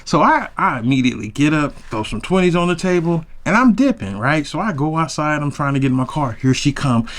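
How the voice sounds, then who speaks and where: A man telling a personal story in casual, slangy chat, animated and jumping high when recounting his shock. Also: brisk, few pauses. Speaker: podcast host.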